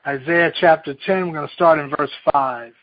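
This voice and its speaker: A male pastor preaching a sermon, telling a children's story in a folksy, animated way before reading scripture. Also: a little high, normal speed. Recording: dull lo-fi recording.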